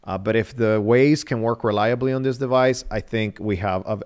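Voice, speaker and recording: A man's voice: fairly low pitch, clean tone. A man from Nicaragua hosting a live-stream phone review, talking casually with many fillers and restarts. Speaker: livestream host reviewing a phone.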